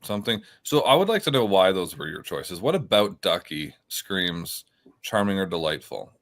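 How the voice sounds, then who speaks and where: Here the quiz master of a laid-back slang game among friends cracks jokes and frequently starts his sentences over. He speaks at a normal speed in a low, fairly bright voice with big swings in pitch.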